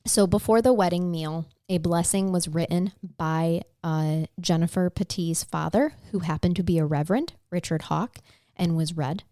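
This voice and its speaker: A woman's voice: fairly low pitch, moderate pace, mellow, dry recording, studio quality. A woman co-hosting a casual true-crime podcast, telling a case in a conversational way and getting emotional at times. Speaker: podcast co-host.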